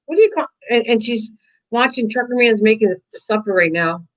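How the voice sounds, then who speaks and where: A woman's voice: a little high, normal speed, muffled recording. An older woman hosting a live crafting stream, chatting casually and rambling to her viewers and her dog while she paints.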